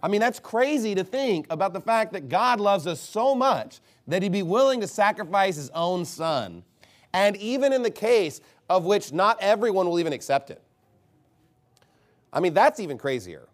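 A man's voice: high-pitched, very animated, moderate pace. A man preaching a sermon in a casual, conversational way, asking lots of rhetorical questions. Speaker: pastor.

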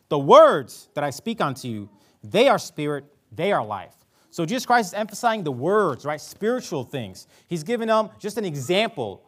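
A man preaching a sermon, reading scripture aloud and commenting on it pointedly. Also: a little high.

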